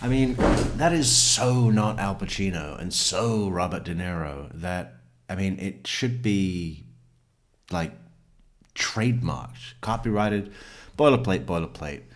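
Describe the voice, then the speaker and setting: A man with a very low voice talks slowly as he gives sarcastic commentary. He rambles and mocks the material, often breaking into chuckles. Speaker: true crime commentator. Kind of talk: sarcastic commentary over courtroom clips.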